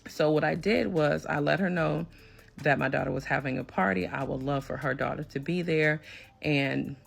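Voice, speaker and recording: A woman telling a personal story in an emphatic, animated storytime manner. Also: deep voice, moderate pace, gravelly, slightly rough, faint music behind. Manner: emphatic, animated when retelling a confrontation. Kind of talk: storytime recounting a personal drama.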